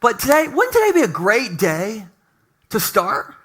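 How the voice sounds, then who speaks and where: Man preaching, high bright voice, joking with the congregation, casual sermon, church sanctuary. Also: huge pitch swings, unhurried. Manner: joking, conversational, talks to the congregation. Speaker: pastor. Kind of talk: humorous sermon.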